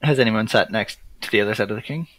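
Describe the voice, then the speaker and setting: Guy with a lowish voice playing tabletop, kinda hesitant, ums a lot. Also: fast talker, a bit bright, dry recording, poor audio. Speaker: player. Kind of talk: casual tabletop play.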